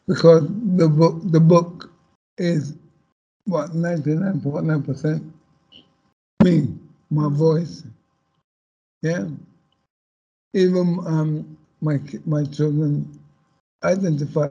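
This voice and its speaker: A man speaking as a panel guest, talking slowly and haltingly with many restarts. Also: a little high, fairly even intonation, mellow, breathy edge, dull audio. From Caribbean heritage. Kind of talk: panel discussion.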